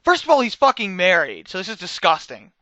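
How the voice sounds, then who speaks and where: A young man rants about a wrestling show in a high, lively voice that jumps around a lot. He sounds bright and sharp, and he swings between loud outbursts and quiet, dry asides. The recording is dry and a little dull. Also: fairly quick, no room sound. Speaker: wrestling reviewer. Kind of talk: casual video review.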